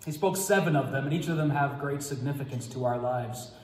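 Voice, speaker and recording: A man preaching as pastor in a Good Friday sermon, reading scripture in a slow, measured, solemn way. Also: mid-range voice, a little hiss or hum. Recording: echoey church hall reverb.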